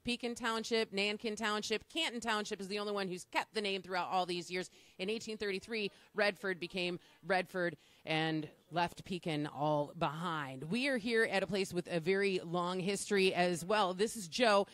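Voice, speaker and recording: A woman's voice: mid-range voice, normal speed, few pauses, fairly bright tone, no echo. A woman radio host presenting a live on-location segment from a bakery, upbeat and teasing her co-host.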